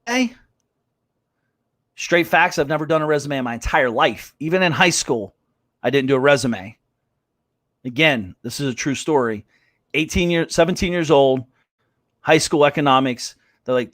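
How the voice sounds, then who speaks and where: A man's voice: on the high side, normal speed, long pauses, fairly bright tone, no echo, clean studio sound. A man hosting a live business show, ranting bluntly and swearing as he acts out voices of others. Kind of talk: fired-up motivational rant.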